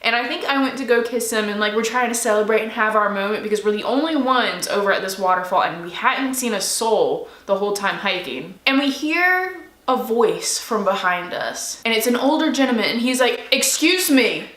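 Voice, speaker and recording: A young woman vlogger tells a personal story straight to camera in a chatty, animated way. Her voice sits a little high and sounds bright. The room adds a noticeable echo. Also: a little fast. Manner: excited, chatty, animated retelling.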